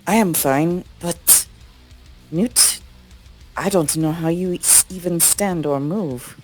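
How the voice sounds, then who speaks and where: A man's voice: fairly high pitch, slow, darkish tone, soft background music. A man voicing a tough, wounded young woman soldier in a tabletop game, speaking earnestly with a raised voice. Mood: concerned.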